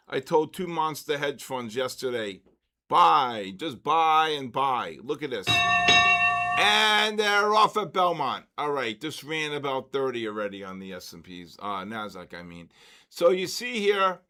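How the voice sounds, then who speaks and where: A man's voice: on the high side, fairly bright tone. An older man hosting a live trading session, chatting casually and greeting viewers by name in upbeat bursts. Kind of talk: casual live-stream chat.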